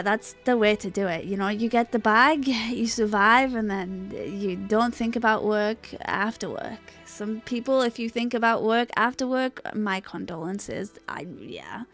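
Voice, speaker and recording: A woman's voice: a little slow, few pauses, faint music behind. A young woman streaming live, chatting casually and greeting her viewers in a bubbly, rambling way, with casual swearing. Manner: bubbly, chatty, greets chat with high excitement.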